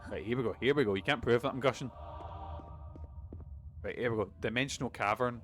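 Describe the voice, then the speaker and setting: Chatty swearing streamer, game music behind. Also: male voice, medium pitch, fairly quick, a bit bright. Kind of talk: casual gaming commentary.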